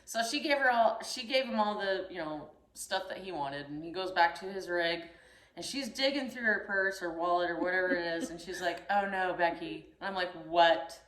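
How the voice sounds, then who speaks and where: A young woman telling a story in casual chat, animated and acting out the voices in it. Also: lowish voice, brisk. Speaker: storyteller host. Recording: echoey room.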